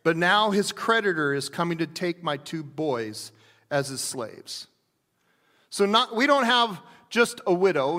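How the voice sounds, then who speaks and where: In a sermon, a pastor with a voice high for a man preaches in a relaxed, conversational style, frequently restarting sentences and acting out quotes. Every word trails off into a long hall reverb.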